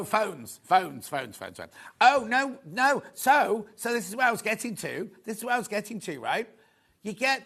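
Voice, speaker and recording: Chatty male shopping presenter, lively pitch. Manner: chatty, rambling, quick asides. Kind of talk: live selling chat. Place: TV studio.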